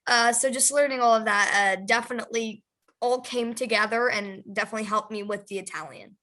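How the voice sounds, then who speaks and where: A young woman with a bright, high voice answers interview questions. She gushes with enthusiasm and giggles often. She keeps the easy tone of a press junket chat. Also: steady tone, a little fast. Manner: bubbly and giggly, gushing with enthusiasm. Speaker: actress interviewee.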